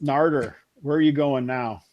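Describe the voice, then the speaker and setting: A man's voice: mid-range voice, fairly even intonation, no echo, dull audio. Hesitant male game master, dry sound. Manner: halting, searching for words with many fillers. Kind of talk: narrating a tabletop game.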